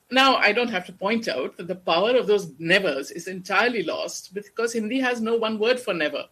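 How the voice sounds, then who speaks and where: A guest lecturer giving an academic lecture on poetry in a measured, explanatory way. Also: mid-range voice, animated, fairly bright tone, breathy edge. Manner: measured, explanatory, slows down to recite verse.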